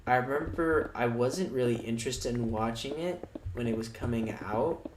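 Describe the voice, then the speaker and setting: A man's voice: mid-range voice, moderate pace. A man chatting casually on a livestream, rambling and swearing in a sardonic way. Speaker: streamer. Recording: echoey room, noisy background.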